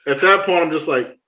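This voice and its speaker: A man on a podcast telling stories in an animated, joking way. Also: roomy sound, muffled recording. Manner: animated, acts out opponents in high mocking voices. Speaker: podcast guest. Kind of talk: casual chat, storytelling.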